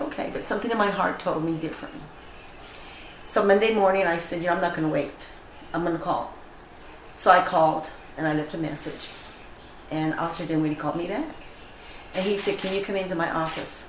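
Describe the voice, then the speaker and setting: An older woman telling a personal story in an interview, earnest and animated, acting out the dialogue she quotes. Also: lowish voice. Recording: roomy echo, faint ambient noise.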